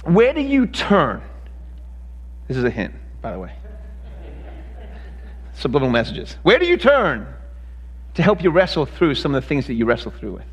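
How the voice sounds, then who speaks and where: A man's voice: fairly high pitch, huge pitch swings, moderate pace, long pauses, slightly rough, long reverb tail. A male pastor preaching a sermon, emphatic, with repeated words as he speeds up.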